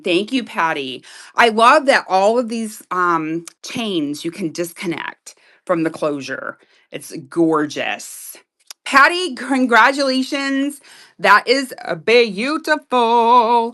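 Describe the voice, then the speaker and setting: A woman selling jewelry on a live stream in loud, excitable, chatty talk that keeps breaking into laughs. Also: medium pitch. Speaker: live online jewelry seller. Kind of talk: casual live-sale chat.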